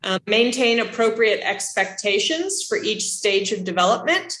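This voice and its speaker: A woman instructor giving a casual classroom lecture, chatty and animated, asking her students questions. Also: mid-range voice, normal speed. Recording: echoey room.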